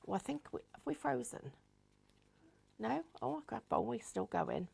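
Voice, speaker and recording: A woman's voice: a little high, very animated, slow, gravelly, long pauses, breathy edge. A woman hosting a live craft show, chatting in a rambling, giggly way. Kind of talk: live crafting demonstration chat.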